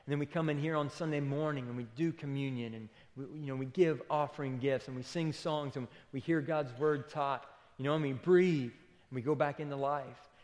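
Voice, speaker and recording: A man's voice: medium pitch, fairly even intonation, fairly quick, darkish tone. A man preaching a sermon as pastor in a church, conversational and emphatic, often saying "okay" and "listen". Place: church auditorium. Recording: long hall reverb.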